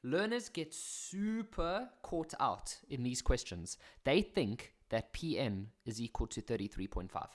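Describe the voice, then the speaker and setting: Joking South African maths teacher. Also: male voice, mid-range voice, lively intonation, a little slow, few pauses. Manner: chatty, joking, self-deprecating asides. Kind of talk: video maths lesson.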